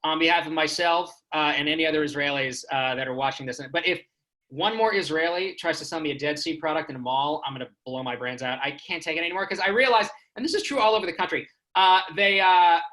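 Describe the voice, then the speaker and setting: A man's voice: on the high side, pushed and bright, rough recording. A man from Houston, Texas doing a stand-up comedy set with self-deprecating storytelling. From Houston, Texas, United States. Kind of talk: stand-up comedy on a remote stream.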